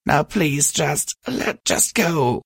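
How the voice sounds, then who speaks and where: A man voicing a grieving, withdrawn young female pony with a hoarse, raspy voice, speaking softly and haltingly. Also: a little high, animated, dry recording, studio quality, voice pushed up, exaggerated voice. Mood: tearful. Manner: soft, tearful, halting.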